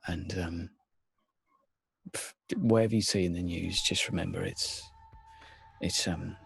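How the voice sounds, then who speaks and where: Gravelly low guy in a tabletop rp, gruff, hesitant, faint music. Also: steady tone, measured pace. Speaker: player. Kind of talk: in-character tabletop role-play.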